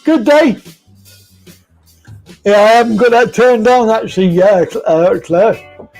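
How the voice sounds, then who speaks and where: A man's voice: high voice, normal speed, darkish tone, faint music behind, low-quality recording. A man hosting a casual live stream from home, being silly, giggling and greeting viewers by name.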